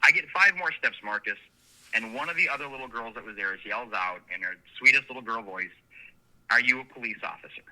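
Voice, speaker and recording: A man's voice: mid-range voice, fairly quick, sharp tone. A man, a sheriff candidate and guest, telling long, earnest anecdotes in a casual interview. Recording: phone line.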